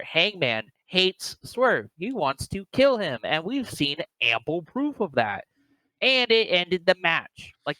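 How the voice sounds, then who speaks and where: A man co-hosting a casual wrestling review, talking excitedly and acting out wrestlers' lines. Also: on the high side, no room sound, poor audio. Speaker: podcast co-host.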